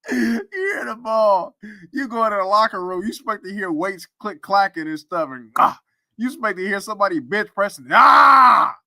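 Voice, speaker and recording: High-voiced guy ranting about football, laughs a lot, swings up and down, slow drawl, dry close mic. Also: dry recording. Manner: animated, laughs often, slangy and teasing. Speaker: sports commentary host. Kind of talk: casual sports talk stream.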